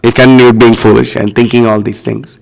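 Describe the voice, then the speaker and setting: A man giving a scripture class as a sermon, scornful and animated, leaning on lots of "you know" fillers. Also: mid-range voice, a little fast, creaky, long reverb tail, poor audio. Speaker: preacher.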